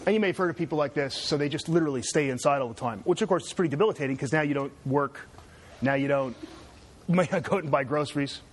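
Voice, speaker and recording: A man lecturing a class in an easygoing, conversational way. His voice sits a little high, and he often turns to the students with "right?". The sound comes from a classroom, and at times he moves away from the mic. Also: fast talker, a little hiss or hum. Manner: chatty, asks students "right?".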